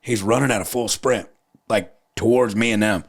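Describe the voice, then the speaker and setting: A man's voice: on the low side, normal speed, vocal fry. Guy in his 30s hosting a podcast, cusses a lot, tells wild stories with big energy. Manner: profane, animated storytelling. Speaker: podcast host and comedian. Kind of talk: casual chat.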